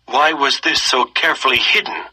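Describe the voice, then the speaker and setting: A man's voice: mid-range voice, normal speed, sharp tone, slightly rough, poor audio. A man reading as a scornful, harsh soldier. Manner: contemptuous, barking.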